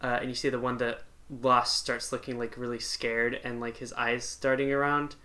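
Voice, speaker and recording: A man's voice: medium pitch, flat delivery, moderate pace, pushed and bright. A man narrating a tabletop game as game master, hesitant and full of fillers.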